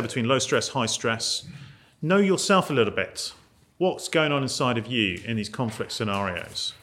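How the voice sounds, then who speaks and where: A British ministry trainer, mid-range and a bit bright, gives a conversational teaching talk on ministry to a group in a meeting room. He acts out the voices of people he quotes.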